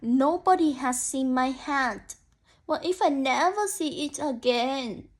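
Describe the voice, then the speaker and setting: A woman's voice: high voice, animated. A woman voicing a worried, sad male bear searching for his lost hat in a picture-book read-aloud. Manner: slow, plaintive.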